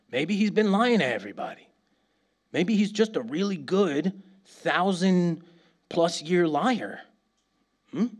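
A man preaching a casual, animated sermon, laughing often and acting out little dialogues. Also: on the high side. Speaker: pastor.

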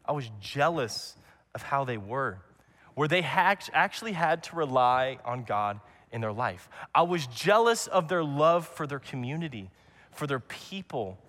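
A man's voice: mid-range voice, lively intonation, measured pace, fairly bright tone. A young adult man preaching a sermon as a pastor, earnest and repetitive, often restarting his words. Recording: long hall reverb.

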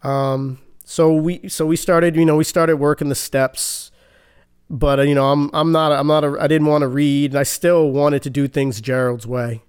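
Smooth-voiced man telling his recovery story. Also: on the high side, fairly even intonation, a little mellow. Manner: earnest, halting, with many restarts. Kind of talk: personal recovery testimony.

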